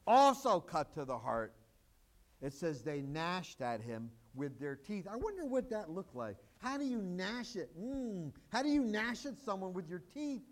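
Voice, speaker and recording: A man's voice: high voice, very animated, measured pace. A man preaching a sermon, mixing conversational asides and rhetorical questions with emphatic, rising exclamations. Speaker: pastor.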